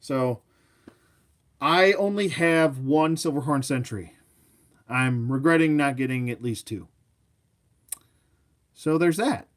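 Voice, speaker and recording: A man of ordinary pitch runs a live toy review, talking loosely and wandering off topic. He pokes fun at himself and answers his viewers as he goes. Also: slow pace, pauses often. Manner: rambling, chatty, self-mocking, answers viewers. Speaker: action figure reviewer. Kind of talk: casual live review chat.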